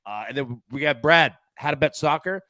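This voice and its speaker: A man's voice: on the high side, normal speed, sharp tone, dry recording. A man hosting a live sports betting show in casual chat, jokey and rambling, laughing often.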